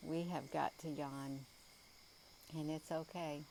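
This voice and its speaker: A woman's voice: deep voice, steady tone, slow, creaky, a little mellow, slight background noise, rough recording. A tired woman chatting live outdoors at night, rambling with many ums and calling her viewers "you all". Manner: rambling, full of ums and uhs. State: tired, yawning. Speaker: livestream host. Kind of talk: casual live sky-watching chat.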